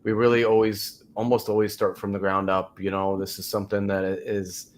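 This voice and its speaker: A man's voice: fairly low pitch, level tone, a little fast. A man hosting a podcast interview, talking casually with many fillers. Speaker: podcast host.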